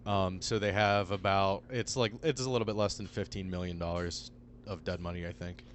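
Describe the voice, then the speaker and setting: A man co-hosting a podcast, talking football in a casual, animated way. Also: deep voice, a little fast, a little hiss or hum. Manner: animated, laughs often, swears casually. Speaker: podcast co-host. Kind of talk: casual sports chat.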